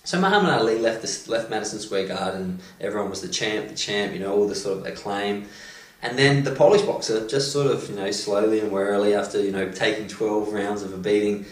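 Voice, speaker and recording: A man, a motivational coach, retelling a story with animated delivery and many "you know"s and "um"s. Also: lowish voice. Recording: roomy echo, distant mic.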